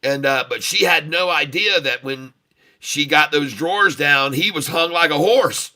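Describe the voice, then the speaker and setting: A man's voice: on the high side, unhurried, pushed and bright. A man hosting a trading livestream and telling a bawdy joke in a folksy, chuckling way. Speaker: day-trading livestream host.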